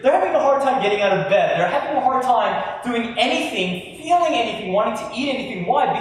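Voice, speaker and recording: A man giving a humorous talk to a live audience, animated and self-deprecating, joking with the crowd. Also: extremely high pitch, a little hiss or hum. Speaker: youth speaker. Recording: echoey hall from far off.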